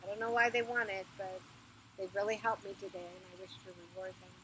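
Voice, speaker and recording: A woman's voice: mid-range voice, fairly even intonation, fast, bright, forceful tone, a little hiss or hum, close to an everyday voice, rough recording. A woman voicing an imperious underworld queen in labor who groans and then bargains offhandedly. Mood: bargaining.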